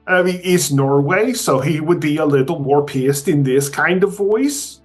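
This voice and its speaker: Man, tabletop player, casual joking chat, laughs easily, a bit high. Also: measured pace, faint music behind.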